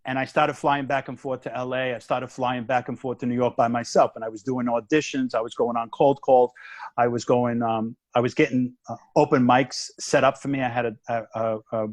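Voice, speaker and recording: A man, a guest comedian, telling a story in a casual chat, animated and acting out the voices and the punchline. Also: mid-range voice, brisk, dry recording. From United States.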